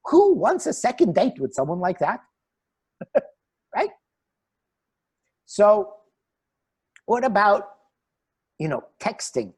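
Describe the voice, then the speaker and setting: A man giving an online talk as a relationship coach, animated and laughing between his points. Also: sits high, takes it slowly, pauses often, slightly rough.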